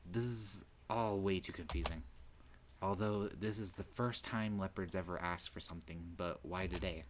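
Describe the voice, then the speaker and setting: A man streaming a visual novel, reading the dialogue aloud between loud outbursts and swearing. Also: sits low, moderate pace, slight background noise.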